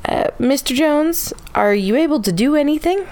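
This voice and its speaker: A woman's voice: high voice, expressive, normal speed, very noisy. A woman playing a flustered interviewer in a comedy sketch, hesitant and unsettled.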